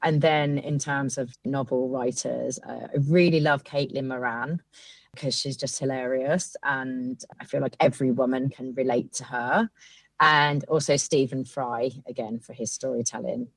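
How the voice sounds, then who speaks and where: A woman's voice: rumbling low, dry recording. A woman guest copywriter chatting casually on a podcast, rambling with lots of fillers.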